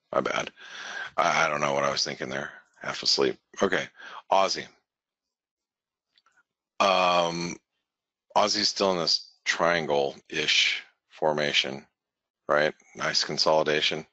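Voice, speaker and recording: A man's voice: very deep voice, sharp tone, no room sound, highs cut off. A man hosting a webinar, giving casual live market commentary in a rambling way that keeps correcting itself and restarting. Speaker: forex market analyst, webinar host.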